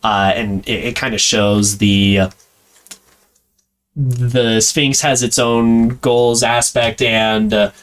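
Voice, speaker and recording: A man's voice: mid-range voice, fairly even intonation, slow pace, a bit bright. A man co-hosting a podcast in casual chat, rambling with plenty of fillers and frequent laughs. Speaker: podcast co-host.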